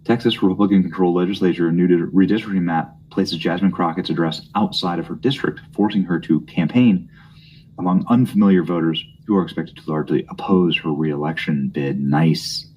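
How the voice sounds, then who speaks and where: A man's voice: sits low, a little fast, a little mellow, muffled recording, a little hiss or hum. A young man hosting a political commentary show, reading news aloud with mocking, snide asides.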